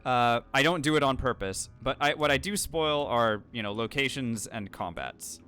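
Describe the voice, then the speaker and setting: With faint music in the background, a man streams a challenge run live at a moderate pace, his medium-pitched voice pushed and bright. He narrates his moves, thanks viewers, and rambles chattily with lots of fillers and restarts.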